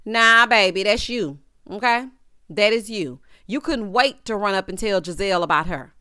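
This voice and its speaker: A woman's voice: medium pitch, animated, moderate pace, sharp tone, clean tone, dry recording, studio quality. A woman hosting a reality TV recap, casual and sassy, talking straight to her viewers in slang.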